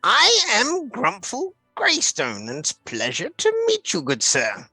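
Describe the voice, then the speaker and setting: A man's voice: sits high, huge pitch swings, a little slow, pushed and bright, husky, no echo, faint music behind, heavily acted. A man voicing a courteous, formal-speaking male merchant in a tabletop role-play. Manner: stiff formal phrasing.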